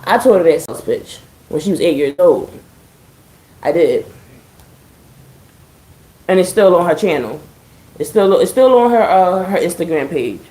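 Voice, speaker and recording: A chatty woman talks straight to her viewers in a mellow, warm voice, swearing freely with dry sarcasm. Her voice carries a roomy echo, like a live stream from home. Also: medium pitch. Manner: chatty, profane, addressing viewers as y'all. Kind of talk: casual live-stream chat.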